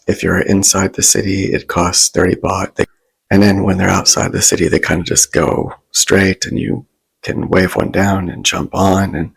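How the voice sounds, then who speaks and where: A man telling a rambling story in a soft ASMR vlog, often stopping to restart his sentences and acting out what others said. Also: deep voice. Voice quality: raspy, breathy and gravelly. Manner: rambling, self-interrupting, animated quoting of others. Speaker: vlogger.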